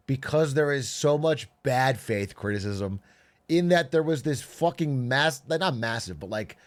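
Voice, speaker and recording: A man streaming live, chatting casually with viewers in jokey, profane rants. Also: a little high. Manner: swearing, animated, jokey rants. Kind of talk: casual livestream chat.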